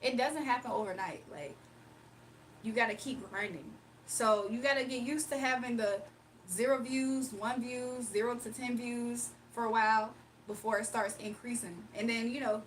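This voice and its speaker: A woman's voice: on the high side, moderate pace, distant mic, a little hiss or hum, low-quality recording. A woman from Virginia hosting a late-night livestream, chatting casually, reading comments aloud, and laughing often. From Virginia, United States. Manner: laid-back slangy talk, laughs often. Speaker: livestream host.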